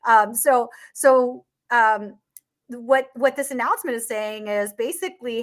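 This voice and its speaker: A woman's voice: on the high side, measured pace. Chatty woman breaking into laughs. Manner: chatty, laughs often, many restarts and fillers. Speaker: market commentator. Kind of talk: casual livestream chat.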